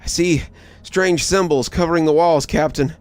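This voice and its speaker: A man's voice: fairly high pitch, moderate pace, dry recording, voice pushed up, close to an everyday voice. A man voicing a frightened young male army private giving nervous, urgent radio reports. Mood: scared.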